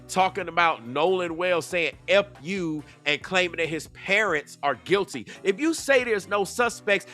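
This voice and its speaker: A man's voice: high-pitched, sharp tone. A man giving heated reaction commentary, confrontational and full of rhetorical questions. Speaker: YouTube commentator.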